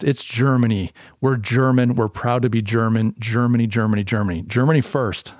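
A man's voice: medium pitch, darkish tone, no room sound, studio quality. A man from the United States hosting a podcast, talking in a casual, opinionated, rambling monologue with frequent restarts. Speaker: podcast host.

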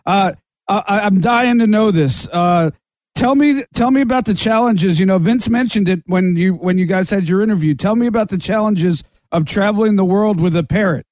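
A man's voice: high-pitched, normal speed, a little mellow, dry recording. A man who hosts a radio show, eagerly asking an interview guest questions.

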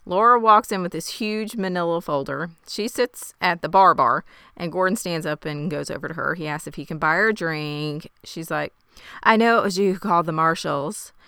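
Woman co-host, low fry-heavy voice, crisp and dry, wry recapper. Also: moderate pace, sharp tone, dry recording. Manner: wry, reads from notes. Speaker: podcast co-host. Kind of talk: casual recap chat.

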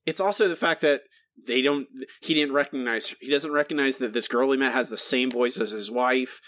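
A man co-hosting a podcast, ranting in an exasperated, animated way in casual chat. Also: mid-range voice, moderate pace. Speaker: podcast co-host.

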